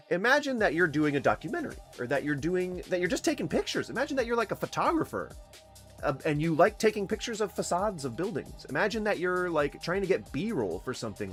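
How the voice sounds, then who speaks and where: Animated man riffing in casual commentary. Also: fairly high pitch. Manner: animated, joking, rambling asides. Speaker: host reacting to videos.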